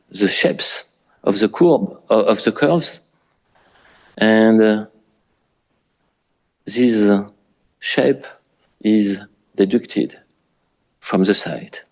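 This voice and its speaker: A man with a French accent, a native French speaker, giving an architecture lecture in English with frequent pauses and restarts. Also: lowish voice. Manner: halting, many fillers and restarts. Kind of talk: public lecture.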